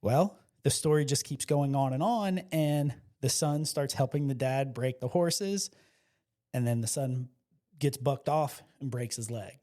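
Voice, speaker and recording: Here a South Louisiana man guests on a podcast, keeping a measured pace in his mid-range voice as he tells stories casually. He acts out the voices he quotes with animated, excitable passion.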